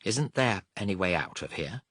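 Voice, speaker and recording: A man voicing a blunt, stubborn legless RAF wing commander with forceful outbursts. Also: deep voice, expressive, normal speed, husky, no echo, studio quality, exaggerated voice. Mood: persistent.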